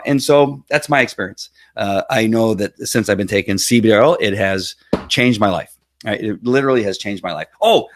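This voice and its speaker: Middle-aged guy rambling on a livestream, lowish voice, lots of uhs, earnest, dry close sound. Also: dry recording. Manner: rambling, halting, with many fillers and restarts; earnest and emotional. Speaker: livestream host. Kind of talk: casual livestream chat.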